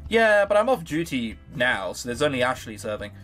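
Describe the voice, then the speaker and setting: Brief: a chatty young barman, read by a man, easygoing, with lively pitch and faint music behind. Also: moderate pace. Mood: friendly.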